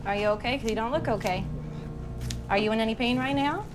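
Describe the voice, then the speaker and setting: An actress playing a calm, firm female navy medic in a film scene, steadily repeating reassuring instructions. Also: fairly high pitch, fast talker, natural voice. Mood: calm, urgent. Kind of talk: film drama dialogue. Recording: film soundtrack with loud music. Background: loud film score.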